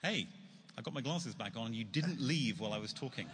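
A man's voice: mid-range voice, expressive, brisk, fairly bright tone, slightly rough. A man author giving an earnest, reflective religious talk to an audience in a hall. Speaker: speaker, author. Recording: long hall reverb.

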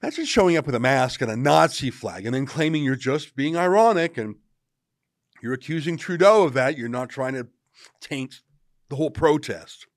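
Sarcastic male commentator, lively delivery. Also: mid-range voice, moderate pace, no room sound, clean studio sound. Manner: sarcastic, argumentative. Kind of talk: opinion commentary.

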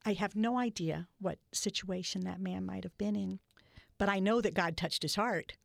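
An older woman telling stories in an interview, earnest and halting with many restarts. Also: mid-range voice, gravelly, no echo, clean studio sound. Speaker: guest. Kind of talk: storytelling in a podcast interview.

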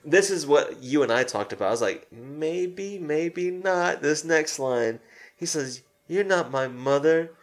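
A man co-hosting a casual podcast about a film, animated and laughing, with lots of fillers and swearing. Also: medium pitch, normal speed. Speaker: podcast co-host.

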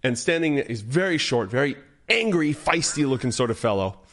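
A man's voice: medium pitch, animated, fairly quick, a bit bright. Hesitant man narrating a tabletop game. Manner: descriptive, hesitant, self-correcting. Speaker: game master.

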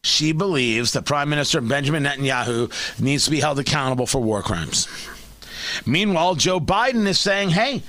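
A man's voice: mid-range voice, animated, moderate pace, sharp tone. A man hosting a talk radio show from a studio, delivering an emphatic, combative opinion monologue and repeating words as he starts a point.

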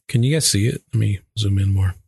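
A man's voice: on the low side, a little fast, creaky, a little mellow, husky, no room sound. Chill guy hosting, explaining a graph, dry sound. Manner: laid-back, walking through a chart. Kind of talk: casual talk show chat.

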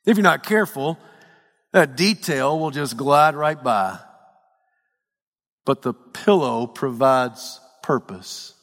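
A man pastor delivering a dramatic sermon, swinging from hushed tones to shouts. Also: fairly high pitch, big-room sound.

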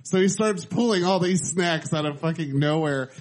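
A man with a slightly high voice, talking easily on a podcast. He swears casually and lays out each comedy scene step by step. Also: normal speed. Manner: relaxed, swears casually, describes scenes in detail. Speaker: podcast co-host. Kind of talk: casual chat.

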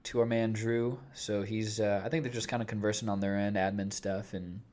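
A man's voice: lowish voice, level tone, brisk, a little mellow. A man hosting a podcast, bantering playfully with his co-host and making joking asides. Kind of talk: casual banter.

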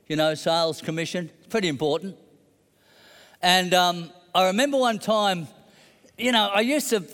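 High-voiced preacher in a hall. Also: male voice. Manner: conversational storytelling, rising to emphatic declarations. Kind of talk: sermon with personal story.

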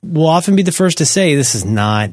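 Skeptical, animated podcast host man. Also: on the high side, brisk, no room sound, studio quality. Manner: animated, skeptical, self-deprecating asides. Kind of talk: casual tech podcast chat.

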